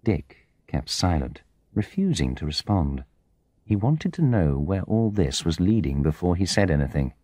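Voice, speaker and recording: A man narrating an English-learner audiobook in a measured, expressive storytelling manner. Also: low voice, slightly rough, dry recording, clean studio sound. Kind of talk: scripted narration of a graded reader.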